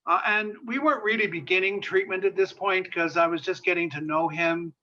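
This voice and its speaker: A man lectures as a guest speaker in a high, bright voice, telling a story with rising passion. He repeats words for emphasis and often stops on fillers. The recording sounds dull and lo-fi. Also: brisk. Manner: impassioned, repeats phrases for emphasis, many fillers. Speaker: guest speaker on sexuality and disability.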